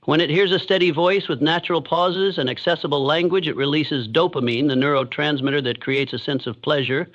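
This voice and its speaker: A man's voice: a little high, steady tone, a little fast, few pauses, fairly bright tone. Man with a dull lo-fi motivational voice-over. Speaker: motivational narrator. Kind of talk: scripted motivational narration. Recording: dull lo-fi sound.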